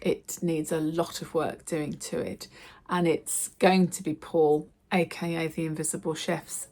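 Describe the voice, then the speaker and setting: A woman's voice: low-pitched, measured pace. Chatty middle-aged woman vlogger. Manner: chatty, animated storytelling with acted quotes. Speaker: lifestyle vlogger. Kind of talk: casual chat to camera.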